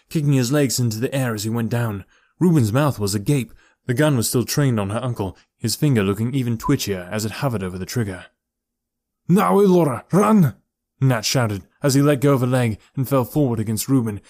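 A man narrating an audiobook in a steady, measured storytelling voice. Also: medium pitch, dry recording. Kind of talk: scripted narration.

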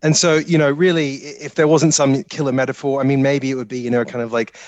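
A man's voice: mid-range voice, little pitch movement, quick pace, no room sound, highs cut off. A man guesting on a podcast as a strategist, joking and rambling with lots of fillers. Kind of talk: casual podcast interview.

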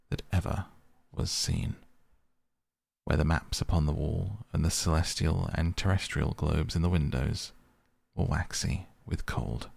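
A man's voice: deep voice, creaky, dry recording. A man narrating a classic novel as a soothing bedtime sleep story. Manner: soft, slow, soothing. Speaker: podcast reader.

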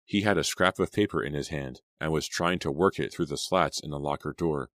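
A man narrating an audiobook in measured scripted narration, close to the mic. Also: rumbling low, fairly bright tone, dry recording.

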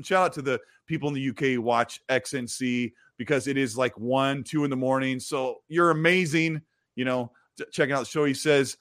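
A man's voice: medium pitch, moderate pace, fairly bright tone, dry recording, clean studio sound. A man hosting a live gaming show, chatting casually and reading viewer messages aloud. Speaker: host of a gaming stream show. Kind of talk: casual live-stream chat.

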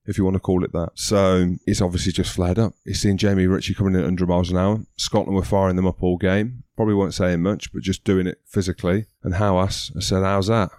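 A low-pitched man co-hosts a rugby podcast in a dry studio, trading quick banter. His voice sits deep, and he lifts sharply in pitch when he gets excited. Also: dry recording. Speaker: podcast co-host, rugby pundit. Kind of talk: casual rugby chat.

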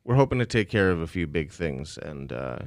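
A man playing his character in a tabletop game, speaking hesitantly with many pauses. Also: low-pitched, very animated, gravelly, no room sound, studio quality. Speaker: player.

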